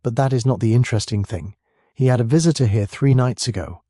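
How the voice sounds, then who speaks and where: A man voicing a polite, measured curry house owner who confides what he saw. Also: mid-range voice, mellow, dry recording, studio quality, close to an everyday voice. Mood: confiding. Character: calm middle-aged man running a curry house kitchen.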